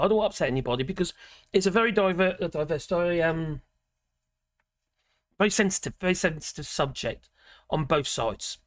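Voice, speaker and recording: A woman's voice: on the low side, no echo, studio quality. A woman hosting a livestream, chatting casually and rambling as she reads out viewer comments, often breaking off mid-sentence and laughing. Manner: rambling, chatty, self-interrupting with frequent laughs. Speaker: livestream host. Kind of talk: casual live chat reading viewer comments.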